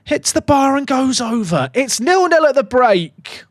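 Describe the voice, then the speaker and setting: A young man streaming a football management game, commentating casually with sarcastic, excitable swings. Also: very high-pitched, measured pace, no room sound, clean studio sound. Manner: animated, sarcastic, swings between excitement and mock despair. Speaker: gaming streamer.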